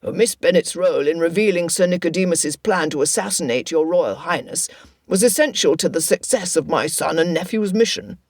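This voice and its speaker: A woman voicing a dignified older lord who speaks in a slow, measured way, in an audiobook. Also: fairly low pitch, animated, no echo, studio quality.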